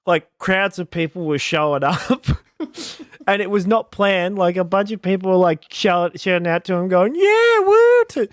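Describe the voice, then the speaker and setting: A man's voice: sits high, fairly even intonation, normal speed, dry recording, clean studio sound. A man co-hosting a casual podcast, telling a rambling story, often laughing and searching for words. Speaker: podcast co-host. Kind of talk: casual chat.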